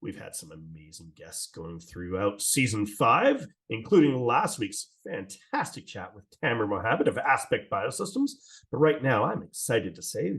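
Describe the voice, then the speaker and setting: A man's voice: lowish voice, fairly bright tone. A man hosting a business podcast from Canada, upbeat and a little breathless, often tripping over his words as he chats. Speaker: podcast host. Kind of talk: casual interview chat.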